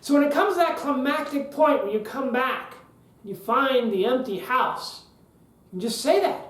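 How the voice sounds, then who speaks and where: A man hosting a public speaking podcast, talking emphatically, repeating key phrases and leaving long pauses. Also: very high voice, lively intonation, fairly bright tone. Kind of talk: instructional podcast talk. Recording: roomy echo.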